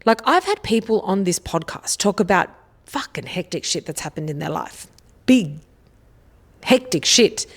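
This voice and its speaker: A woman's voice: lowish voice, lively intonation, moderate pace. A woman hosting a solo self-help podcast, casual and blunt, swearing freely and often checking in with "okay?". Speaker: podcast host.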